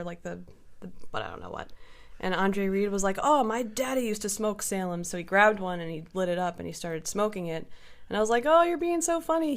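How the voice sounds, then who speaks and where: A woman in casual podcast chat, telling a story in an animated, profane way and acting out what others said. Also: on the low side, clear, resonant tone. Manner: animated, profane storytelling with lively quoted voices.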